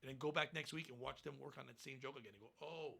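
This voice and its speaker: A man's voice: mid-range voice, rapid-fire, creaky, bright, forceful tone. A man, a stand-up comedian, talking bluntly and profanely in a casual podcast interview.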